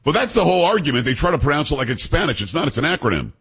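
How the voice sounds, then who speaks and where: A male radio host chats in a casual, storytelling way, doing quick impressions of the people in his stories. His voice swings widely in pitch. It has a slightly husky edge. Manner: animated storyteller, mimics voices. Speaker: radio talk show host.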